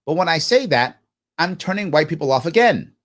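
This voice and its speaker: A man's voice: a little high, a little fast. A man hosting a live talk show, reading viewer comments aloud and answering them emphatically, often posing questions and answering them himself. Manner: animated, jokey asides. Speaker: political talk show host.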